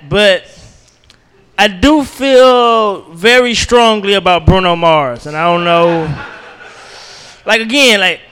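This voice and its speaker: High bright comedian, loose and profane. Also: male voice, clear, resonant tone, in a large hall. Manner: loose, profane, rambling storytelling with y'all. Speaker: stand-up comedian. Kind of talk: stand-up comedy set. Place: comedy club open mic.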